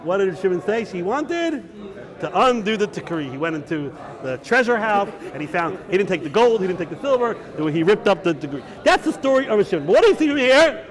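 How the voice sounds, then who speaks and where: A rabbi teaching a class, animated and chatty as he retells a story. His voice is fairly high for a man. The recording picks up a full room of listening students. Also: brisk, crowd noise. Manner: animated, conversational, uses Hebrew and Yiddish terms.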